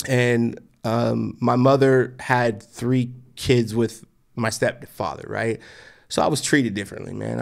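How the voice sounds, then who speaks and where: A man in his forties from Texas with a gravelly, creaky voice, speaking at a middle pitch. He tells his life story in an interview with blunt intensity and keeps checking in with "right?". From Texas, near Austin. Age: 40s. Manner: intense, emphatic, repeats "right?". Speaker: guest entrepreneur.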